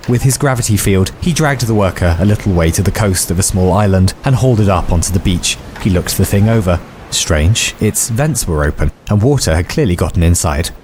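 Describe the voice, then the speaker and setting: Low-voiced man narrating a story. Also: darkish tone, a little hiss or hum. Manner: wry, playful storytelling. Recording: faint music under the voice.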